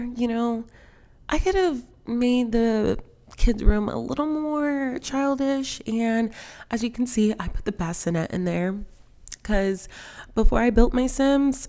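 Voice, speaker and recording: Chatty young woman with a gravelly voice. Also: fairly high pitch, dark tone. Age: 20s. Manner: chatty, self-conscious, filler-heavy with lots of "like". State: emotional, near tears. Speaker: Sims gaming vlogger. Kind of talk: casual voice-over commentary on a game build.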